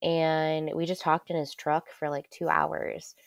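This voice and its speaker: A woman's voice: low-pitched, flat delivery, a little slow, creaky, no echo, studio quality. A woman telling a personal story in casual conversation, candid and loose, swearing freely with lots of ums. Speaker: guest.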